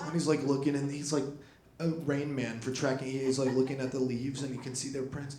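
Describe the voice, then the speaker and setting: A man's voice: mid-range voice, fairly even intonation, brisk. A young man doing a stand-up set in a comedy club, rambling and self-deprecating with lots of fillers. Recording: roomy club with crowd laughter.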